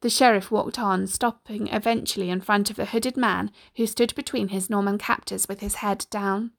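A woman's voice: mid-range voice, moderate pace, creaky. Woman reading a storybook aloud. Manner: steady, expressive storytelling. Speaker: narrator.

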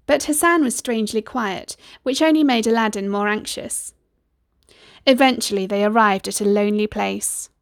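A woman storyteller reading aloud in a steady, expressive way. Her voice has a gravelly fry at mid pitch, recorded close and dry. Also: normal speed, no room sound. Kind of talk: storybook narration.

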